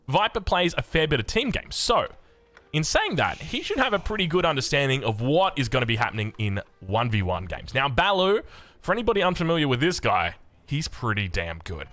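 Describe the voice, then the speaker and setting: An Australian man giving energetic, jokey play-by-play commentary on a strategy game match as its caster. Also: mid-range voice.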